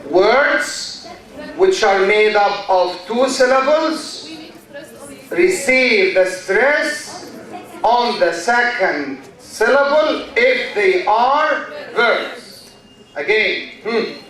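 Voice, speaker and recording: A man's voice: sits high, lively intonation, drawn-out words, a bit bright. A middle-aged man lecturing a class, repeating key words and quizzing students. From Egypt. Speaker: university lecturer. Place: lecture hall. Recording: echoey hall, distant mic.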